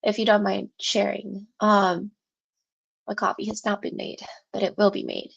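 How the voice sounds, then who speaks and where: Gravelly and husky, a woman's mid-range voice comes across flat at a moderate pace, with the highs cut off in the audio. She's hosting a writing livestream from home, congested and breathless with a sore throat, rambling to viewers and laughing frequently.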